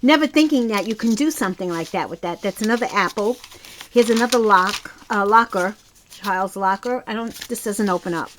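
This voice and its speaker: A woman's voice: medium pitch, fairly quick, slight background noise. A woman with a Brooklyn accent chatting enthusiastically as she shows her craft projects, rambling with a few restarts. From Brooklyn, New York. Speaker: crafting channel host. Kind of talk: casual crafting show-and-tell.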